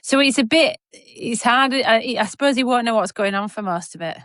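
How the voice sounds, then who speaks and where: A woman with a slightly high, fairly bright voice co-hosts a podcast at a moderate pace. She chats casually in a rambling, self-mocking way and laughs easily, recorded with clean studio sound and no room echo.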